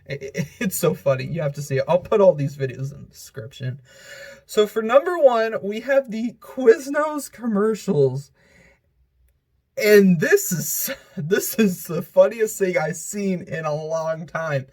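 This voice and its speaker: Giggly, rambling man with a higher voice. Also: big pitch swings, measured pace, a little mellow. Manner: giggly, rambling, heavy filler words. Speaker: vlogger. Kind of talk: casual commentary countdown.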